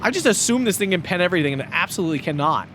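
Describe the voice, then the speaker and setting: Guy casting a strategy game match, high voice that swings all over, gets loud and laughs at big plays, noisy background. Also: racing. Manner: excitable, laughs often, shouts at big plays. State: losing his voice. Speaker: tournament caster. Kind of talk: excited game commentary.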